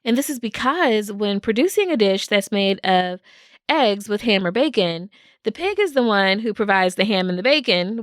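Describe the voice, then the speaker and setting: A woman's voice: medium pitch, fairly bright tone, no echo, studio quality. A woman hosting a solo podcast, talking in an upbeat way and laughing often. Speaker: podcast host.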